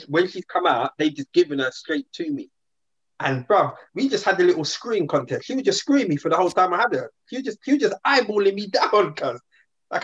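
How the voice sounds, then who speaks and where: A man's voice: fairly high pitch, fairly bright tone, husky, highs cut off. A man, chatting in a laid-back, slangy way as a podcast co-host. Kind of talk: casual chat.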